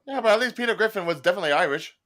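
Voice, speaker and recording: A man's voice: high-pitched, animated, very fast, a crowd in the background. A man on a podcast panel, talking in a rambling, earnest way with touches of mock indignation. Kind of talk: casual comedic chat.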